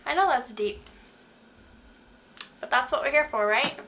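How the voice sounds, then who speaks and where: Earnest bright-voiced woman giving devotional talk. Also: high-pitched, lively intonation, measured pace, slight background noise. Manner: earnest, questioning, preacher-like. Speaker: faith talk host.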